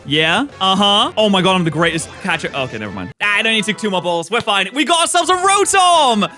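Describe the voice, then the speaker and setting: Animated, high-voiced male gaming commentator. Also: faint music behind. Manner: playful, joking, quick swings between excitement and deadpan mutters. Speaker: gaming YouTuber. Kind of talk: gameplay commentary.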